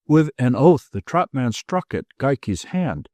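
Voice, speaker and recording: A man narrating an audiobook in expressive storytelling style. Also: mid-range voice, a little slow, few pauses, no room sound. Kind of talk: scripted narration.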